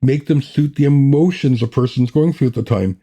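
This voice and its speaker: A man hosting a writing podcast, giving a scripted lesson in a measured, matter-of-fact way. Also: medium pitch, warm tone, lo-fi sound. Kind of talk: scripted teaching talk.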